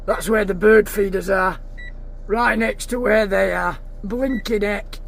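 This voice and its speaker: A man's voice: sits high, steady tone, unhurried, gravelly, fairly bright tone, slight background noise. A man, vlogging outdoors in a field, chatting casually to his viewers and his animals. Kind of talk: casual vlog chat.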